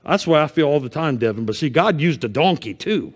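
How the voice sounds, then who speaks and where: A man preaching a fervent sermon as pastor, swinging from hushed asides to loud calls. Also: on the high side, lively intonation, brisk, few pauses, husky, big-room sound. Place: church sanctuary.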